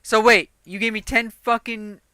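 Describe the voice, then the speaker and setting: A woman streaming a game and chatting casually, profane and quick to laugh. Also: a little high, fairly even intonation, bright, forceful tone, no room sound. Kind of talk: casual gaming stream chat.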